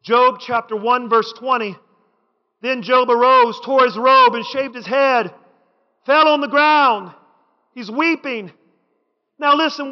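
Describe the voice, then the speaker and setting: A man preaching a sermon in a church, with rhythmic repetition that builds to shouted lines. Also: very high voice. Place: church sanctuary. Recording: dull sound with long hall reverb.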